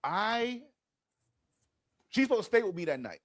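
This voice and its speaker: Man, podcast host, high voice, swings all over, profane, dry studio sound. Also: measured pace, no room sound. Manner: profane, animated, acts out quotes. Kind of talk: casual storytelling chat.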